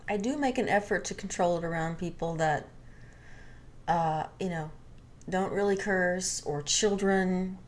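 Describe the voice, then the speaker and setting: A woman's voice: on the low side, a little slow. A young adult woman casually telling a candid, rambling personal story and swearing freely.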